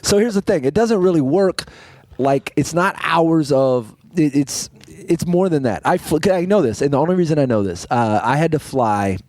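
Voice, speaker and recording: A man co-hosting a podcast in casual chat, telling animated stories, acting out quotes and laughing often. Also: fairly high pitch, moderate pace, dry recording. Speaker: podcast co-host. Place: podcast studio.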